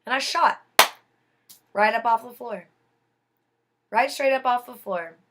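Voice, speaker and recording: Bright slow-talking woman telling a story. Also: on the high side, slight background noise. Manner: dramatic, slow and deliberate, drops to a hush for tense moments. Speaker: vlogger telling her own story. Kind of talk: personal storytelling, casual.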